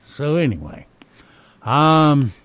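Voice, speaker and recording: A man's voice: a little high, big pitch swings, slow pace, a bit bright, clear, resonant tone, dry recording. A man hosting a radio show, reading poll results and fun facts in casual banter, with dry little asides. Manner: wry, reads items aloud with dry asides.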